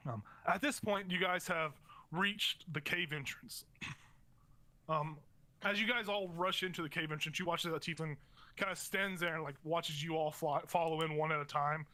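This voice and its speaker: A man's voice: on the high side, steady tone, moderate pace, pushed and bright. A young man running a tabletop game as game master, narrating in a rambling way with many fillers and restarts.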